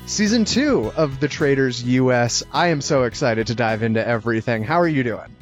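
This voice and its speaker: A man's voice: mid-range voice, animated, normal speed, highs cut off, soft background music. A man hosting a casual podcast chat, rambling and apologetic, often tripping over his words. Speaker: podcast host.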